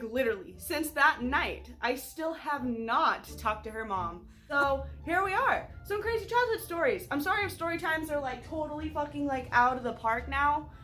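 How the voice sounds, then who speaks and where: A young woman vlogger tells a storytime tale in a casual, profane, rambling way. Her voice is fairly high and very bright. Faint music plays under her. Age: young adult. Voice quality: casual, profane, chatty with many "like"s.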